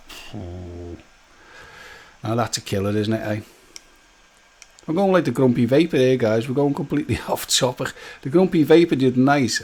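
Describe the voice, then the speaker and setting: Bloke chatting on his live stream, jokey and laughing a lot, mid-pitched voice. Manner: chatty, jokey, laughing often, greeting viewers by name. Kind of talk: casual live-stream chat with viewers.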